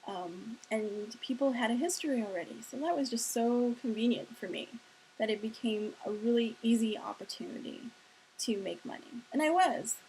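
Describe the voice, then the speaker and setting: A woman's voice: on the high side, animated, moderate pace, a little mellow, rough recording. Chatty woman telling her story. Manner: chatty, laughing, acts out quotes. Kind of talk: casual personal storytelling. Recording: faint hiss.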